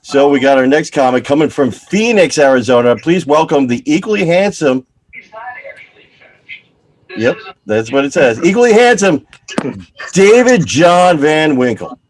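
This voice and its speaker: A man's voice: on the high side, a little hiss or hum. A man hosting a comedy show, introducing comics with upbeat, laughing energy. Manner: slow, upbeat, animated with lots of laughing. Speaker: show host.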